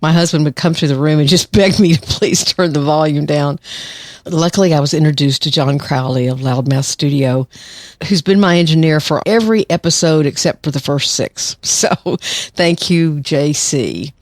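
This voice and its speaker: A woman's voice: sits low, normal speed, dry recording, clean studio sound. A woman in her sixties, a psychologist who hosts a podcast, speaking in a chatty monologue with light laughs. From United States. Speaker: podcast host, clinical psychologist.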